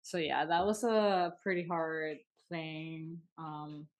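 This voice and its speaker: A woman in her thirties from Venezuela, a guest dancer telling stories in casual chat, acting out quoted lines with big jumps in pitch. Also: slow. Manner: animated, acts out quotes with sharp jumps in pitch.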